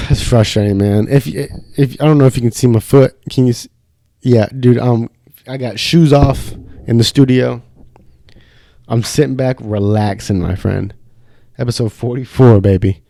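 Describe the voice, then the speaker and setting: A man's voice: medium pitch, fairly even intonation, measured pace, vocal fry, mellow, no echo. Profane, ranting young man host. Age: young adult. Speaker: podcast host. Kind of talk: casual podcast rant. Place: studio.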